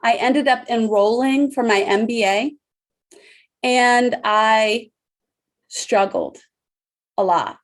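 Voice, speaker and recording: Earnest, slow-speaking woman with high pitch. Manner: earnest and emphatic, with dramatic pauses. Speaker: leadership speaker. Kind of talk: motivational talk to an online audience.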